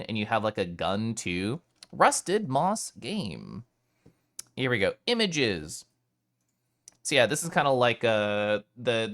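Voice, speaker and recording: A man chats with his live stream audience in a loose, animated way. His middle-pitched voice jumps around a lot as he reacts, and he drops the odd casual swear. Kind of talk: casual chat with live viewers.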